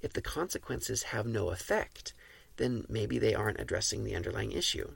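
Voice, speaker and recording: A man hosting a podcast who reads and explains parenting advice in a calm, instructive, measured way. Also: on the low side, gravelly, slightly rough. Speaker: podcast host.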